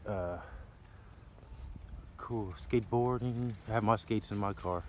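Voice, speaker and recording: Male vlogger, low voice, playful free-associating ramble, outdoors with faint traffic noise. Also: slow pace, darkish tone. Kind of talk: rambling walk-and-talk wordplay musings. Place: outdoors by a library building near traffic. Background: passing cars and city sounds.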